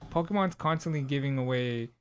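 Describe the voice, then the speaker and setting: A man talks on a podcast in a loose, meandering way, full of fillers and restarts. His voice is smooth and clear. His pitch sits mid-range. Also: a little fast. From Southern California. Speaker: podcast co-host. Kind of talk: casual chat.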